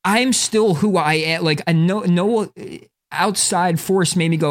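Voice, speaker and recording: A man co-hosting a casual podcast, his voice sitting a little higher than most men's. He rambles, fills his talk with "like", restarts his sentences and swears freely. He is from northern New Jersey. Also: a little slow. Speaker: podcast co-host. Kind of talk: casual chat.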